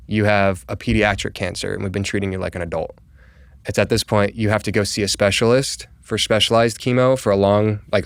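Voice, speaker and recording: A young man from Colorado talks as a podcast guest, telling a personal story in a relaxed, conversational way. His voice sits fairly low and comes through smooth and clear, and he keeps saying "like" and acting out what people said. The sound is dry and close, with no room echo. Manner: conversational, full of "like", acts out quoted dialogue. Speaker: podcast guest, real estate agent. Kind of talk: casual storytelling interview.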